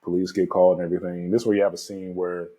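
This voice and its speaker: Deep, husky man recapping a movie. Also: level tone, racing, dark tone. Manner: laid-back, recaps scenes with filler words. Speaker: podcast co-host. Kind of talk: casual movie review chat.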